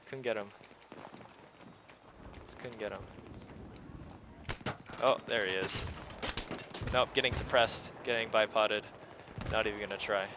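A man's voice: on the low side, fairly even intonation, unhurried, pauses often, background noise. A man giving live gameplay commentary as a video host, talking casually to his viewers, muttering asides and breaking into sudden exclamations. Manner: casual, chatty, talks straight to viewers.

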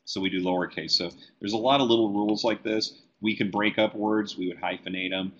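A man who letters comic books, teaching a live software tutorial and talking easily as he works on screen. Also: fairly low pitch, brisk, muffled recording. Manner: relaxed, talks while working on screen. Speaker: comic book letterer and design educator.

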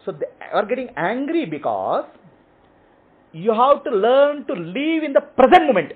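Brief: male teacher, high lively voice, husky, checks "okay?" often. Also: moderate pace. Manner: explains in short repeated phrases, checking with "okay?". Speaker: spiritual teacher. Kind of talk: teaching answering questions. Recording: tinny phone-like audio.

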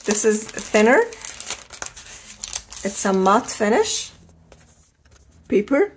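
Middle-aged woman host, unhurried, gravelly, effusive craft haul, faint background hiss. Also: medium pitch. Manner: gushing, enthusiastic, repeats praise words. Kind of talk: casual product haul show-and-tell.

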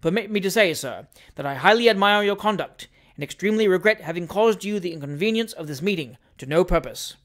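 A fiery little doctor in an audiobook of a classic novel, as a reader puts him on, loud and high-pitched when alarmed. He turns gushingly courteous once the mix-up is cleared. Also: animated, a little fast, few pauses, lightly acted. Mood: gracious. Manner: shouting then effusively polite. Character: fiery little male doctor, quick to quarrel.

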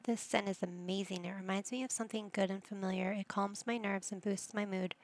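A woman's voice: medium pitch, fairly even intonation, fairly quick. A woman hosting a casual let's-play, chatting to the game characters as she plays. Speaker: gaming channel host.

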